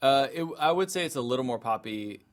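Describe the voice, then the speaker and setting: A man in casual podcast chat, animated and joking, often restarting his sentences. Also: mid-range voice, a little fast.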